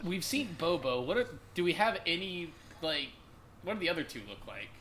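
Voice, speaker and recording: A man playing a tabletop game over voice chat, joking and animated. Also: fairly high pitch, normal speed, very noisy. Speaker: player.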